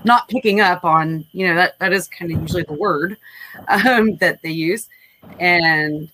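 A woman's voice: fairly low pitch, bright, forceful tone, rough recording. A woman in her forties speaking candidly in a casual panel discussion, rambling with frequent restarts. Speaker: panel guest.

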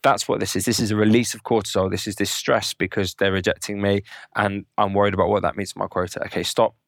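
Fast-talking man explaining things. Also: fairly low pitch, level tone, gravelly, dry recording. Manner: rapid, explanatory, lecturing with examples. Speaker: podcast guest. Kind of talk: conversational interview.

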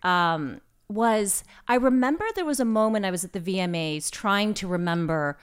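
Podcast guest: woman, chatty and animated, talking over a video call. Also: mid-range voice, normal speed, clear, resonant tone. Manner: chatty, animated, many fillers. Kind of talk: casual podcast chat.

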